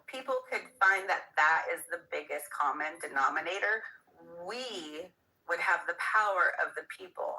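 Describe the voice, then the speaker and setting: Female guest, slightly hoarse, low voice with a very bright edge, rambling casual talk, phone-line sound. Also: expressive, moderate pace. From Hawaii. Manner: musing, many fillers, rambling. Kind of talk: casual conversation.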